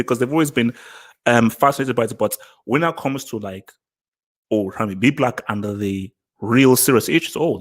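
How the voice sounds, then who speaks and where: A man hosting his own vlog, giving casual opinion commentary in an emphatic way, repeating phrases and restarting sentences. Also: medium pitch. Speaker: vlog host.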